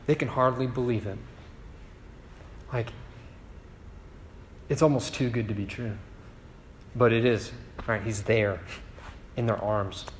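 A man's voice: mid-range voice, a bit bright, a little hiss or hum. A man preaching a sermon in a conversational way, often checking in with "right?". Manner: conversational, keeps asking "right?". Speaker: pastor. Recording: long hall reverb.

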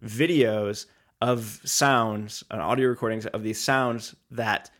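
A man's voice: lowish voice, steady tone, takes it slowly, fairly bright tone. Inquisitive man steering the chat. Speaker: podcast co-host. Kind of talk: casual chat.

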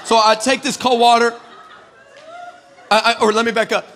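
A male preacher from West Texas tells a funny story to his church, sarcastic and full of stammered restarts. His voice sits high for a man and rings bright and forceful. He speaks in a lively, animated way. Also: moderate pace. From El Paso, West Texas, USA. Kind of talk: comic storytelling sermon.

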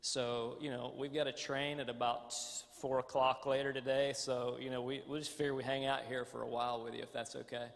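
Gravelly Southern American pastor. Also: male voice, medium pitch, little pitch movement, brisk, few pauses. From United States. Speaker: guest pastor. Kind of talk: sermon opening. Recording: long church hall reverb.

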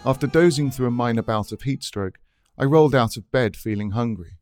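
A man's voice: mid-range voice, fairly quick, a little mellow, faint music behind. A man reading his own essay aloud in a dry, wry, scripted narration.

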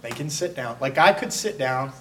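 A pastor preaching a conversational sermon, breaking into quick acted asides. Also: male voice, medium pitch, animated, fairly bright tone, recorded from a distance, a little hiss or hum.

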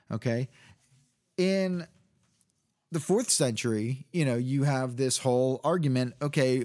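A man's voice: mid-range voice, darkish tone. A man giving an unscripted lecture on church history, explaining step by step with many fillers and restarts and checking in with his listeners.

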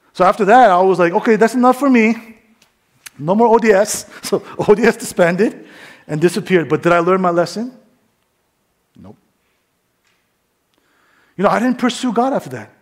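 A husky, slightly high-voiced middle-aged man preaching through a personal testimony. He tells it like a story, often dropping his voice to quiet asides. He is from New York. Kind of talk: sermon testimony.

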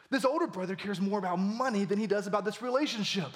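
A male pastor preaching a sermon with animated emphasis, his voice climbing for key points. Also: fast. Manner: animated, voice rising high for emphasis.

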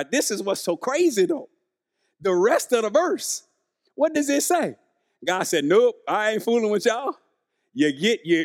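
Casting: male preacher, high voice, chatty sermon, keeps asking the room questions. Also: darkish tone. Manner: conversational, questions the congregation, acts out quotes.

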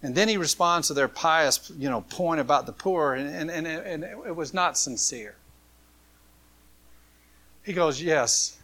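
A man preaching a sermon, swinging from loud, impassioned passages to hushed ones. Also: a little high, measured pace, long pauses. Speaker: pastor.

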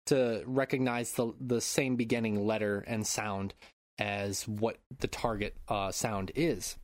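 A man hosting a podcast, telling a story in casual chat, animated and swearing freely while acting out loud shouts, on a close microphone at home. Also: mid-range voice, dry recording. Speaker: podcast host. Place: home room. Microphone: close podcast mic.

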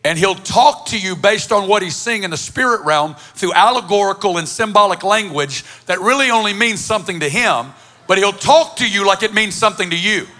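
Bright, high-voiced emphatic male preacher. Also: lively intonation, a little fast. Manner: emphatic, builds to passionate lists. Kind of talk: sermon storytelling.

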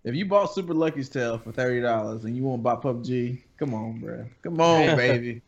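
A man's voice: medium pitch, a little fast, lo-fi sound, a loud crowd. A man on a gaming podcast panel, ribbing the others in a playful, slangy way. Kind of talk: casual gaming panel chat.

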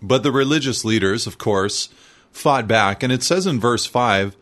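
A man preaching an expository sermon, reading scripture aloud and explaining it in a measured, teaching manner. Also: medium pitch, a bit bright.

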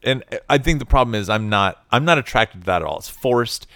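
A man's voice: mid-range voice, lively intonation, brisk, bright, forceful tone, dry recording, clean studio sound. A man co-hosting a casual film podcast. He is blunt and opinionated and swears freely as he chats. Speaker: podcast co-host.

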